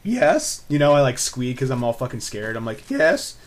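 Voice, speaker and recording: A man's voice: medium pitch, fairly even intonation, fast talker, a little mellow. A man in his twenties tells a personal story to camera in a rambling, laid-back way, with lots of fillers and swearing. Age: 20s. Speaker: vlogger.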